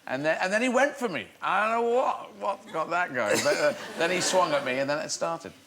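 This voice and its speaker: A man's voice: fairly high pitch, expressive, brisk, crowd noise. An English man, a chat show guest, telling playful, digressive comic stories and often restarting mid-sentence. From England. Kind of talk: rambling comic storytelling.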